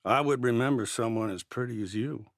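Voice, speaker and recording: A man's voice: medium pitch, a little fast, no echo, clean studio sound, close to an everyday voice. A man voicing a drunk, bearded man in his thirties who leers and mocks with sneering swagger. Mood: leering.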